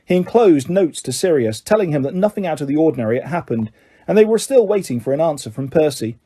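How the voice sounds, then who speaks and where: A man reading a novel aloud as an audiobook narrator, in steady, measured storytelling. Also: on the high side, breathy edge. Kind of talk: scripted narration.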